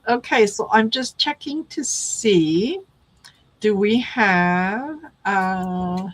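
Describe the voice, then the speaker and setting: A woman's voice: medium pitch, slow, low-quality recording. A woman hosting a live tarot reading stream, chatting casually and calling out viewers by name. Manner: friendly, calls out viewer names.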